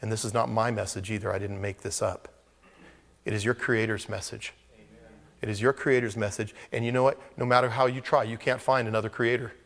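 Man, pastor, sermon, animated preaching, loud bursts and soft asides, long church-hall reverb. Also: fairly low pitch, brisk. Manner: animated preaching, swinging between loud exclamations and hushed asides.

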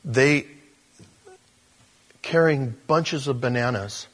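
Preacher guy telling a story in a sermon, lively, trips over his words and restarts. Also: mid-range voice, slow pace. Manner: animated, with stumbles and restarts. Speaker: pastor.

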